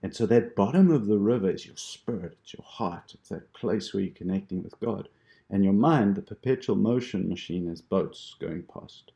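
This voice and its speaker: Deep gravelly man teaching meditation. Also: moderate pace, dull audio. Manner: gentle, reassuring, explains with imagery. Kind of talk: instructional talk on prayer practice.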